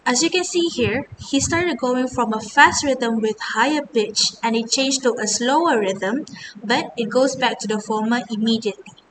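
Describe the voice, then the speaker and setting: A young woman, earnestly reading out a class presentation as a student. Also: normal speed. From Malaysia. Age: 20s. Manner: earnest, scripted, mostly reading. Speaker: university student. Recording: distant mic with steady rumble.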